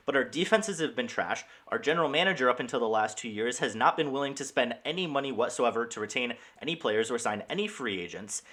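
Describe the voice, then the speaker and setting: An American man and podcast co-host in a casual sports debate, pushing back firmly and giving reasons. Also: medium pitch. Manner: lively, firm, reasoned pushback.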